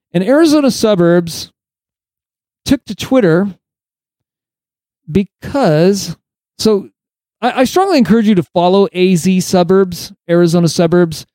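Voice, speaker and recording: A man's voice: sits high, mellow, no room sound. A male podcast host delivering opinionated solo commentary, sarcastic and emphatic, lecturing his listeners.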